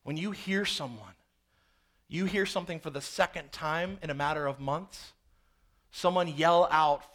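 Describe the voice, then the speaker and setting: A man preaching a sermon, dramatic, swinging from hushed, slow passages to loud, intense ones. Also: fairly high pitch.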